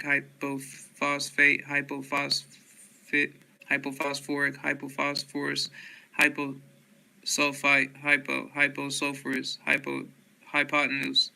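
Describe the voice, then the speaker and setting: A man's voice: fairly high pitch, creaky, bright, forceful tone, poor audio. A man reading dictionary entries aloud one after another, stumbling and restarting on hard words. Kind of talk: rapid word-list reading.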